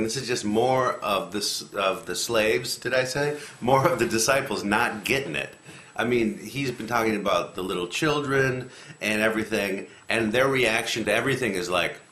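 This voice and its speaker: A lectionary commentator talks through a Bible passage in a casual scripture discussion at a moderate pace. He's animated and rambles a little, acting out the quotes with lively rises in pitch. The room is echoey, with faint noise.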